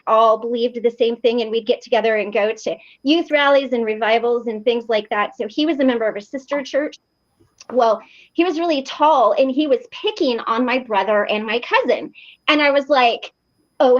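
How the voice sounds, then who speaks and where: A woman telling a lively personal story in a casual online meeting, full of fillers and acted-out quotes. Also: on the high side, dull audio. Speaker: recovery meeting participant. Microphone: video call.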